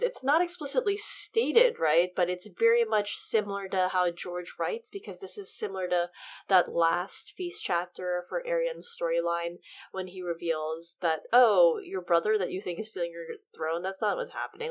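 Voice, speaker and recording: A woman in casual podcast conversation, talking about a book and acting out lines with lots of energy. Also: on the low side. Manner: animated, acts out quotes in big voices. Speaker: podcast co-host.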